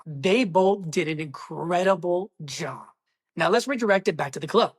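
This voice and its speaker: A woman giving a casual movie review, excitable and exclamatory, talking straight to her viewers. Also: fairly low pitch, moderate pace, breathy edge. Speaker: film reviewer.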